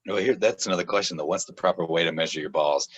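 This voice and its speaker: A man's voice: low voice, fast talker, slightly rough, no echo. A man talking casually on a podcast, a rambling storyteller who laughs a lot and often restarts his sentences. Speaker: author guest. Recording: dull, dry lo-fi sound.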